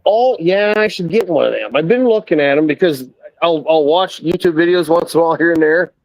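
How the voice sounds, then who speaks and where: A man's voice: fairly high pitch, animated, fairly quick, dry recording, low-quality recording. A man calling in by phone, chatting in a friendly, laid-back way. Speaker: guest on a phone call. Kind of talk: casual chat.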